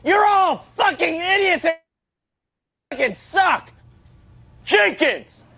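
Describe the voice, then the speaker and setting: An actor playing a foul-mouthed, raging high school football coach who bellows profane insults at his players in a comedy sketch. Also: lively intonation, slow pace, exaggerated voice. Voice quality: gravelly, strained high shout.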